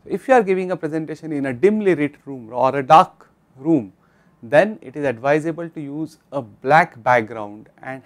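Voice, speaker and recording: A man with an Indian English accent giving a recorded online course lecture, speaking instructively and addressing viewers directly. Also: a little high.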